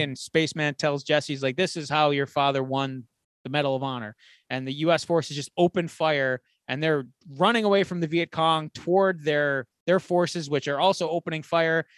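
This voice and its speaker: Retelling a war film scene by scene, this male podcast co-host chats loosely at a normal speed, his voice pitched a little high. He slips into the characters' dialogue, swearing as he acts it out, and the recording is close-miked and dry.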